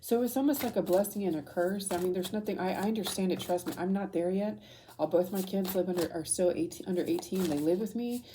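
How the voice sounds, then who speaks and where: A woman's voice: lowish voice, fast talker, warm tone, a little hiss or hum. A woman in her thirties giving a rambling, emotional tarot reading, choked up and full of fillers and restarts. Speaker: tarot reader. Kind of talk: casual intuitive reading.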